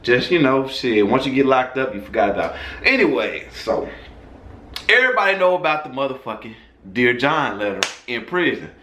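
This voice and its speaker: A man's voice: mid-range voice, very animated, moderate pace, bright, forceful tone, echoey room, a little hiss or hum. A man casually telling a personal story in a loose, profane, conversational way.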